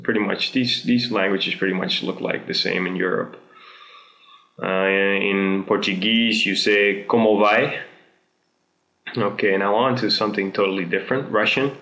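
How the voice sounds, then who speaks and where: A young Dutch man with a Dutch accent, chatting casually through a language tutorial with many pauses. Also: fairly low pitch, steady tone, bright, forceful tone, roomy sound, rough recording. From Netherlands. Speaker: video host.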